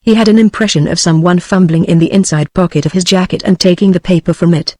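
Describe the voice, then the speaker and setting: A text-to-speech woman's voice with a British accent, narrating an audiobook in an even synthetic delivery. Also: on the low side, quick pace, no room sound, studio quality. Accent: British English.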